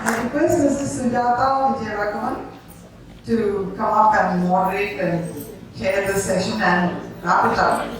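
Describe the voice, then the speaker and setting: A woman's voice: medium pitch, steady tone, measured pace. A woman emcee making a formal, polite announcement on stage. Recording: echoey hall, distant mic, crowd.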